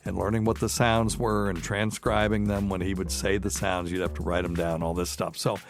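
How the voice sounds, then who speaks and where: A man's voice: sits low, little pitch movement, normal speed, creaky. A middle-aged man from the mountains of North Carolina with a light Southern accent, hosting a podcast in a rambling, folksy way with many fillers and restarts. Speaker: podcast host. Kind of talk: casual chat.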